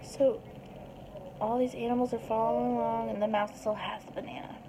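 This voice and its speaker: A woman retelling a picture book story aloud in a chatty, animated way. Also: on the high side, a little fast, background noise. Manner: chatty, animated, puts on small voices for the animals.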